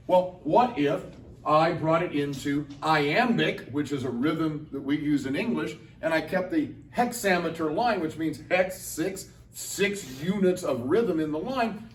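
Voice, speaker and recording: A middle-aged man with a fairly high voice gives a playful, conversational lecture to students and keeps asking the audience questions. The mic picks him up from across the room. His voice rings around a large, echoey convention hall. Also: far from the mic, a little hiss or hum. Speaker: Latin teacher and translator giving a talk. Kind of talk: lively classroom-style lecture to students.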